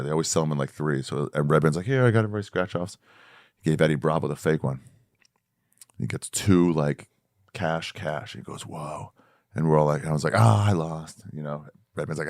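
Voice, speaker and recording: A man's voice: very deep voice, darkish tone, no echo, clean studio sound. A man chatting as a comedian guest on a podcast, telling stories animatedly, acting out other people's voices and swearing freely. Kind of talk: casual podcast chat.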